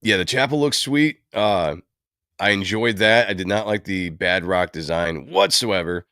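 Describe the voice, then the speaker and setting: A man's voice: low-pitched, expressive, measured pace, sharp tone, clear, resonant tone, no room sound, clean studio sound. A man hosting a livestream, talking casually and at length, rambling with many fillers. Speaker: livestream host. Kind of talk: casual commentary on comic book films.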